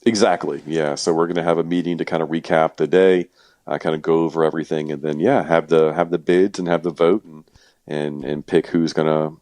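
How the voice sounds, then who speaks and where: A man being interviewed as an event organizer, talking in a relaxed, joking way with lots of fillers. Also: a bass voice, fairly quick, dry recording. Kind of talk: casual podcast interview.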